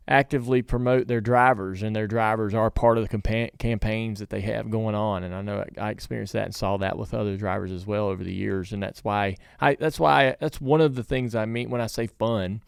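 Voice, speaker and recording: A man's voice: lowish voice, creaky, clear, resonant tone, dry recording, studio quality. A middle-aged man hosting a casual interview, asking rambling questions that break off and restart. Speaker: podcast host.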